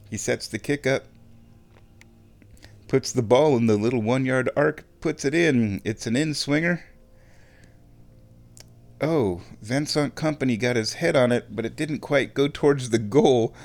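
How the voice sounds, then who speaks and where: Ranting man commentating a match at home. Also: mid-range voice. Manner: opinionated, ranting, clears throat often. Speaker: fan watching a football match. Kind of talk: casual ranting live commentary.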